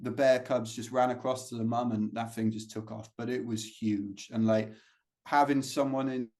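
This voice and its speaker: A British man chats as an interview guest, winding through stories with plenty of "you know"s and restarts. His voice sits in an ordinary middle pitch, and he speaks loosely and conversationally. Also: fairly even intonation, normal speed, a little mellow. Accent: British English. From Britain. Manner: rambling storytelling with many fillers. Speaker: guest, ultrarunner. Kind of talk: casual interview chat.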